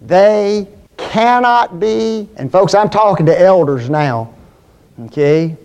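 A man preaching a sermon, stressing key words slowly and asking the congregation questions. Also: high voice, expressive, darkish tone, clear, resonant tone, highs cut off.

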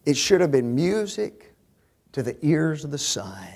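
A man preaching a sermon in a high, animated voice. He swings from hushed asides to shouted emphasis. He keeps pressing the congregation with rhetorical questions. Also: unhurried.

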